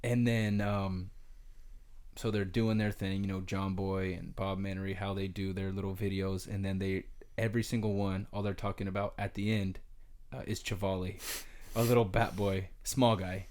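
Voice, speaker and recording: Guy on a podcast telling a story, kinda low voice, rambles with lots of likes. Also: normal speed. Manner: rambling, animated storyteller, filler-heavy. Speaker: podcast co-host, retired pro baseball player.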